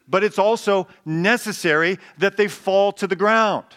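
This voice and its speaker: A pastor preaching a sermon to a live congregation. He jokes with the people in the pews and slows down to read scripture with emphasis. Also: high voice, a bit bright, smooth. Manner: playful, joking asides with the congregation; reads scripture slowly with emphasis. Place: church sanctuary with live congregation.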